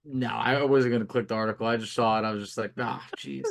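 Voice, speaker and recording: A man's voice: lowish voice, fairly even intonation, fast. A man co-hosting a sports podcast, chatting casually and rambling in a self-deprecating way, often restarting his sentences.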